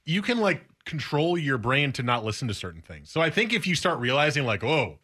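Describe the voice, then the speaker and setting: A man's voice: medium pitch, sing-song, fairly quick, sharp tone. A man hosting sports radio, joking and teasing in casual banter.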